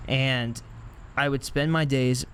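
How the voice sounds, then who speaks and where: A man's voice: mid-range voice, steady tone, slow, a little hiss or hum. A young man hosting a podcast, speaking in a candid, reflective way and laughing at himself now and then. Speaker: podcast host. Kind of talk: casual chat.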